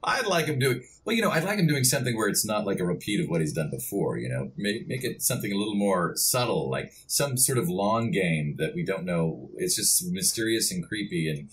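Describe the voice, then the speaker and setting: A man's voice: low-pitched, sing-song, a little fast, few pauses, fairly bright tone. A man, a voice actor, talking casually as a podcast guest, a laid-back storyteller who chuckles often.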